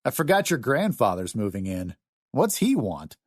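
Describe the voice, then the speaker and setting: A man's voice: mid-range voice, very animated, normal speed, no room sound, studio quality. A man voicing a mocking, playful eighteen-year-old male gamer in an audiobook. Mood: teasing. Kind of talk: audiobook character voice.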